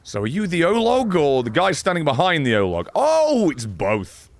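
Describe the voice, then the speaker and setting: A man giving sarcastic, excitable commentary while playing a game live on stream. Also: fairly high pitch, normal speed, a little hiss or hum.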